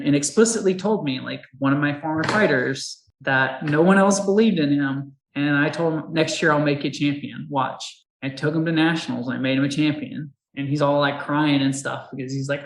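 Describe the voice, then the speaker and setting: A woman's voice: sits low, echoey room, rough recording. A woman who fights and coaches Muay Thai, telling her story candidly in a casual interview, laughing often and acting out the people she quotes.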